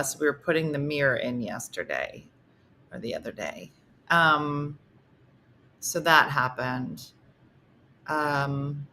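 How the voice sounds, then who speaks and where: Middle-aged woman host, low bright voice, chatty and loose, reads comments aloud. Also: a little hiss or hum. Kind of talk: casual livestream chat.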